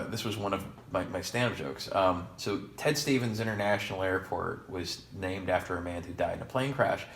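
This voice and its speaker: Rambling sarcastic man, low voice. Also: fairly bright tone, slight background noise. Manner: rambling, sarcastic, jokey asides. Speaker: podcast co-host. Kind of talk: casual chat. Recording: echoey room.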